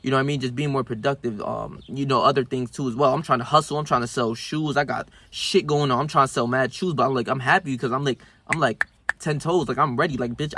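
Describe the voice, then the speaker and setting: A young man tells a rambling personal story straight to the camera, with constant slang and profanity. His voice sits in an ordinary middle pitch, and it jumps up and gets louder whenever he acts out what he and his friends said. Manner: slangy, profane, animated when reenacting scenes. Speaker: self-improvement vlogger. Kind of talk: casual storytelling monologue.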